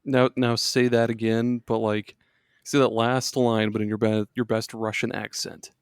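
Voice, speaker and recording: Male podcast host, easygoing and jokey, gravelly tone, dry sound. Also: lowish voice, level tone, moderate pace, no room sound. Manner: laid-back, jokey, laughs often. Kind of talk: casual podcast chat.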